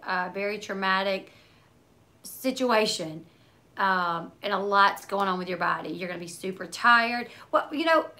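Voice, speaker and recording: Her voice is mid-range with a bright, forward quality as this thirty-something woman chats casually with her livestream audience. She reads comments and responds as they appear, wandering in a relaxed way. Run-on sentences, lots of likes and asides fill her talk.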